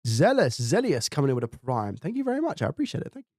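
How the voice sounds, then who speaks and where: Male streamer, mid pitch, casual chatter and mic checks, dry close-up studio mic. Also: wildly swooping pitch, fast talker, darkish tone, dry recording. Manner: thinks aloud, repeats mic checks, reads viewer chat. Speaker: live-stream host testing his mic. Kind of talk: casual live-stream chat. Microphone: studio dynamic mic, close up.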